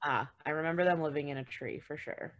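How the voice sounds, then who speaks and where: A woman's voice: low voice, steady tone, fast. A woman in casual conversation, playful and upbeat, chatting about things she remembers. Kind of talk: casual chat.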